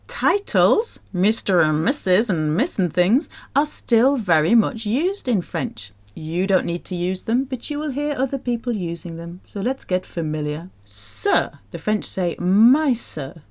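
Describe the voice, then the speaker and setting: Playful, unhurried woman teaching French. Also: lowish voice, expressive. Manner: exaggerated sing-song repetition, playful. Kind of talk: playful pronunciation lesson.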